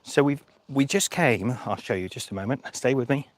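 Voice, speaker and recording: A man's voice: mid-range voice, normal speed. A man, a cycle-touring vlogger, chatting jokily on a phone live stream at an outdoor rest stop. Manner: chatty, jokey, rambling with restarts. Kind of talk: casual live-stream chat. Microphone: phone held by the speaker.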